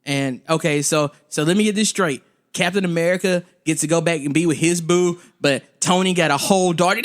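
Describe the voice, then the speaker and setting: A man's voice: fairly high pitch, brisk, hardly any pauses. A man, co-hosting a casual comedy podcast and ranting with exasperated emphasis. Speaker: podcast co-host.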